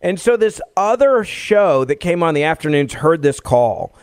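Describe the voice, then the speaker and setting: Guest: man in his forties from Tennessee, lively storyteller, dry booth sound. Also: a little high, moderate pace, smooth, no echo. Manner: lively, laughs as he talks. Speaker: guest, radio host. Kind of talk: animated personal storytelling.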